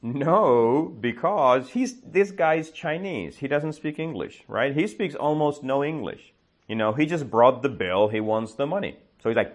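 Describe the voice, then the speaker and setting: A man teaching English, telling a story slowly to a class and checking their understanding with quick questions. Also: mid-range voice, animated. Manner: slow, exaggerated storytelling with comprehension checks. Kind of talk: storytelling lesson with questions to learners.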